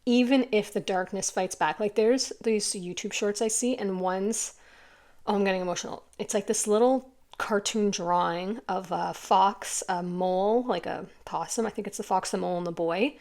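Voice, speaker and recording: Gravelly-voiced woman giving an earnest tarot reading. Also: medium pitch, normal speed, a little mellow. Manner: earnest, emotional, rambling with many fillers. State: tearful at times. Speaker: tarot reader. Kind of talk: casual spoken tarot reading.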